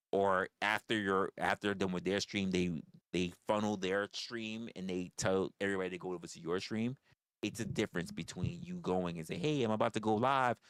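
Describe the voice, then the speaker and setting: A man's voice: deep voice, fairly bright tone, smooth, no room sound, clean studio sound. A man hosting a livestream in casual chat with viewers, blunt and profane, often stammering and restarting his phrases. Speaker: livestream host.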